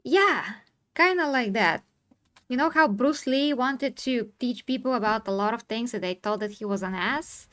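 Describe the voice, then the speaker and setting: A woman streamer in a live discussion, earnest and insistent, explaining herself and quick to apologize. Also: on the high side, animated, a bit bright. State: tired from talking.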